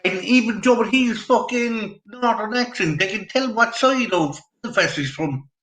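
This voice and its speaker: High-voiced southern Irish man, roomy. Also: measured pace, fairly bright tone. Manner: laid-back, sweary, ends phrases with "like". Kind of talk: casual chat. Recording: roomy echo.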